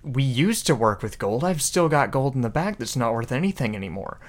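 A man playing a world-weary barkeep in his forties, speaking low and conspiratorially in a tabletop game. His voice sits at an ordinary middle pitch. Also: sing-song, brisk, lightly acted. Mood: grim. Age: 40s. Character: gruff 45-year-old male barkeep in occupied town.

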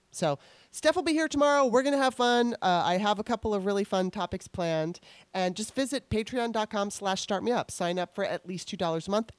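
A woman hosts her own podcast in casual solo talk, wandering through a personal story with chatty asides. Her pitch sits in a middle range for a woman. She is recorded close and dry, with no room sound. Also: dry recording. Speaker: podcast host.

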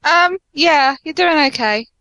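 A woman's voice: sits high, animated, measured pace, bright, forceful tone, no echo, lo-fi sound. A woman chatting as a podcast guest, playfully teasing the host. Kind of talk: casual podcast chat.

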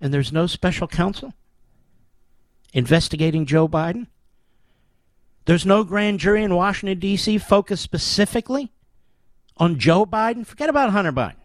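A man with a fairly high voice delivers a forceful, declamatory political monologue as a talk show host. He hammers his points home with repeated phrases. The recording is dry and close, with no room echo. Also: lively intonation, normal speed, pauses often. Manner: emphatic, declamatory, heavy rhetorical repetition.

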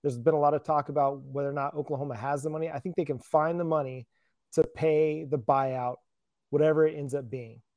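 A man's voice: a little high, fairly even intonation, brisk, a little mellow, no room sound. A man co-hosting a casual sports talk show, laid-back and self-deprecating.

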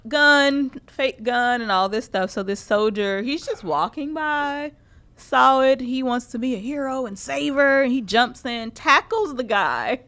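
A woman's voice: high-pitched, a little slow. A woman co-hosting a casual chat, telling stories with lots of laughter and swearing. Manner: laughing, swearing, animated storytelling. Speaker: podcast co-host.

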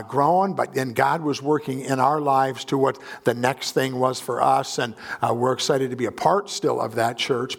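A man preaching a guest sermon in a church, earnest and conversational, with frequent pauses and filler sounds. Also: mid-range voice, gravelly. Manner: earnest, many filler uhs and ums. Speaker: pastor. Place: church sanctuary.

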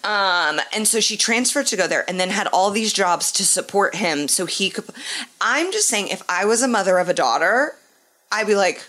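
A woman co-hosting a casual sports podcast, animated, with laughing, mock-outraged asides. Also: mid-range voice, normal speed. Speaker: podcast co-host.

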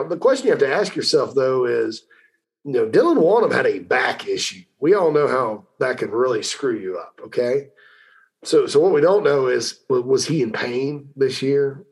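A man hosting a call-in sports talk show, talking loosely with repeated words and fillers. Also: mid-range voice. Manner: rambling, conversational, repeats words, pauses with fillers. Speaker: sports radio host.

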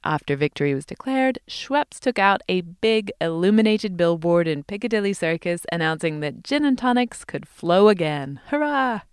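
A woman's voice: lowish voice, animated, normal speed, few pauses, smooth, no room sound, clean studio sound. A woman co-hosting a podcast, narrating a script in a playful, enthusiastic way. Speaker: podcast co-host.

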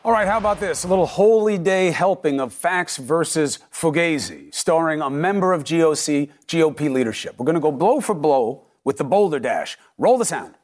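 A man's voice: on the high side, expressive, normal speed, hardly any pauses. A middle-aged man anchoring a cable news commentary segment, punchy and emphatic, firing off rhetorical questions.

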